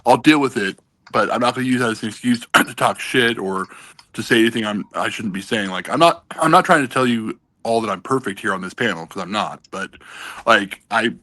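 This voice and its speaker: A man's voice: lowish voice, fairly quick, sharp tone, dry recording. A man chatting casually on an online panel over a video call, rambling and swearing with lots of restarts. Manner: rambling, profane, many restarts. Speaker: panel guest.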